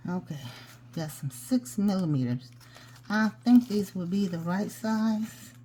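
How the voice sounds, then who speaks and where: A woman's voice: on the low side, dark tone. A woman hosting a hands-on craft tutorial, chatting casually and talking to herself as she works. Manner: chatty, talks to herself while working. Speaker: jewelry-making tutorial host.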